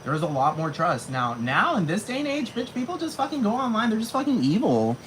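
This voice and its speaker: A vlogger in their thirties in a profane ranting monologue. The speech runs on with constant swearing and filler words, at a middling pitch. Steady background hiss and chirping crickets run under the voice. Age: 30s. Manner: rapid, heavy swearing, many fillers.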